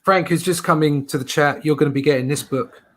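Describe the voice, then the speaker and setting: A man's voice: on the high side, brisk, fairly bright tone. A British man hosting a casual chat, rambling with many fillers and restarts. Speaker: host.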